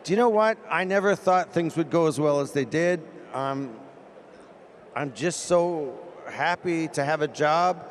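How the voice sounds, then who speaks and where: A man being interviewed as a celebrity guest, chatty and self-deprecating, with halting speech full of fillers, standing pitchside outdoors at a football stadium. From Canada. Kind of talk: casual interview chat. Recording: loud stadium crowd noise.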